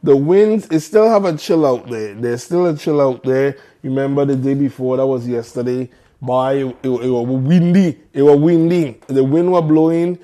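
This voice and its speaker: A man's voice: medium pitch, moderate pace, dark tone. A man with a Virgin Islands accent hosting a live morning show, chatting casually and repeating phrases in local slang.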